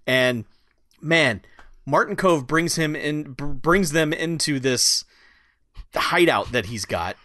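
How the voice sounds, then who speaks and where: Male co-host, slightly high and bright voice, animated and profane, dry studio sound. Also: takes it slowly, dry recording. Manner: animated, swears, laughs while recapping. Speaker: podcast co-host. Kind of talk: casual movie review chat.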